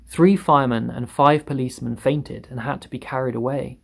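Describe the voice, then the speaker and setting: Gravelly man reading a storybook. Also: medium pitch. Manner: lively, expressive read with drawn-out emphasis. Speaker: narrator.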